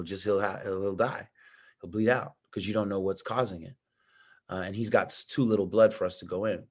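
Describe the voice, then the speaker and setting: Lowish-voiced man telling a story animatedly. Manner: animated, acts out others' lines with slang. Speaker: podcast guest. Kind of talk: casual storytelling.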